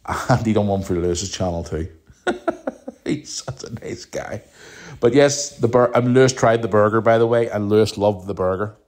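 Deep-voiced chatty Northern Irish man. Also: fairly quick, hardly any pauses, a little mellow. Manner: rambling, teasing, chatty. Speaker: podcast host. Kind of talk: casual podcast chat.

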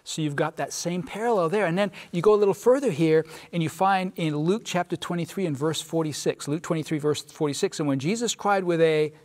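A man's voice: a little high, darkish tone. Earnest man preaching a Bible lesson. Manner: earnest, emphatic, reads scripture verses aloud; pauses for listeners' responses. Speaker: Sabbath School panelist.

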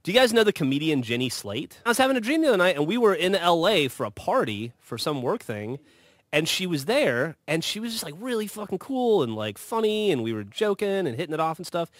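Guy rattling off a funny story, fast and lively, swears a lot, dry close mic. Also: a little high, no room sound. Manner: animated, swearing, acts out quoted lines. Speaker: podcast host telling stories. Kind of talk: casual storytelling.

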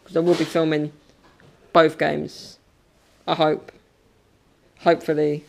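A man's voice: on the high side, monotone, slow, creaky, a little hiss or hum. A young man from England chatting casually and jokingly to a handheld camera at home. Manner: joking, playful, makes sound effects. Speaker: vlogger. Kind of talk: casual vlog chat. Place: home, indoors.

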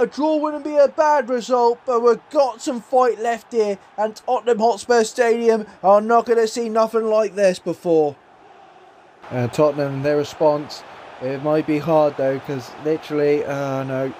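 Excitable man commentating a football game. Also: high voice, slight background noise. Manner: swings between hushed muttering and shouted excitement. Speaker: gaming YouTuber.

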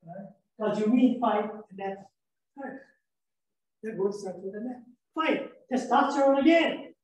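A man's voice: high-pitched, measured pace, a little mellow. Man lecturing in an echoey room, far off. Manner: playful, rambling, quizzes the audience. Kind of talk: lively classroom lecture with jokes.

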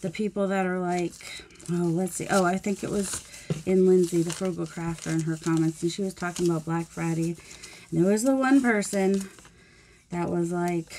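A woman's voice: lowish voice, steady tone, normal speed, mellow, a little hiss or hum. A woman chatting in a rambling, self-deprecating way while she works on a mixed media collage. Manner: rambling, musing aloud while working. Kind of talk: chatty crafting vlog.

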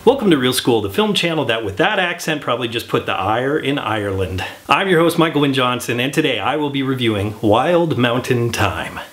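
A man's voice: mid-range voice, lively intonation, fairly quick, few pauses, a bit bright, soft background music. A man hosting a comedic film review, talking with wry, joking asides.

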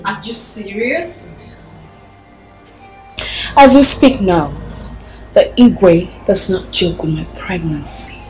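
Smug woman bragging, slow talker, music behind. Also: mid-range voice, expressive, a little mellow, poor audio. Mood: boastful. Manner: boastful. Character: smug pregnant woman boasting. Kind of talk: film drama acting.

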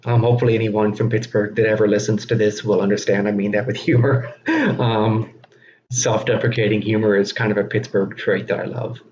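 A man giving a recorded teaching lecture, speaking slowly and deliberately with frequent fillers. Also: lowish voice, fairly even intonation, a little mellow. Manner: slow, deliberate, self-aware delivery with frequent fillers. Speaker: instructor. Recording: dull lo-fi recording with faint noise.

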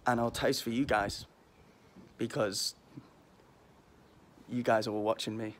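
A man's voice: mid-range voice, steady tone, a little slow, fairly bright tone. A man in his twenties with a mild Liverpool accent, chatting and joking casually as a vlog host while walking outdoors. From Liverpool, England. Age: 20s. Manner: cheeky, rambling, self-mocking. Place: outdoors in a windy back garden. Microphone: phone held while walking. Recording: faint wind noise outdoors.

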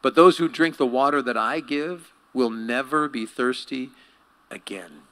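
A man voicing a calm, knowing Jesus speaking to a woman, in a measured, earnest way. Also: medium pitch.

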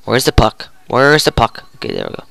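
Goofy and excitable, a gamer reacts to every play of a hockey video game with groans and yells. The mid-range voice is brisk with vocal fry, recorded without echo.

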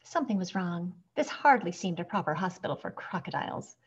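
A woman reading a children's picture book aloud with expressive, animated storytelling, on a dull recording. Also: on the low side, fairly quick, husky. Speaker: storybook reader.

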